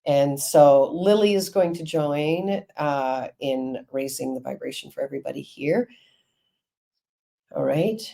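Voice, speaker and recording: Low, mellow-voiced woman teacher. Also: a little slow, creaky. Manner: chatty, frank, reassuring. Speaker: Reiki teacher and counselor. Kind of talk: live-stream talk to viewers.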